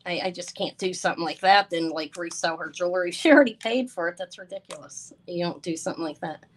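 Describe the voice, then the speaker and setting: A woman's voice: on the low side, quick pace, poor audio. A tired, stressed woman hosting a live jewelry sale, talking in a flustered, apologetic way with many stumbling restarts. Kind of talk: live-stream sales chat.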